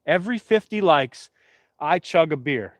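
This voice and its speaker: A man's voice: on the high side, expressive, measured pace, dry recording. Chatty man live-streaming. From Pennsylvania. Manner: rambling, chatty, talks straight to the chat. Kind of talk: casual live-stream chat.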